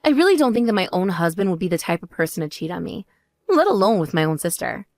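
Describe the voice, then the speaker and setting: A woman voicing a composed older sister who speaks in a calm, measured and cutting way. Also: no room sound, studio quality. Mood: cool. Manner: measured, calm, lower and drier.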